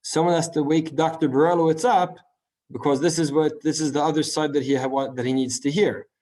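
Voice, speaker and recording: Lively man teaching a Talmud class. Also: a little high. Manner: animated, rhetorical questions, quick asides. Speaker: Torah teacher. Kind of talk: lecture on Talmud.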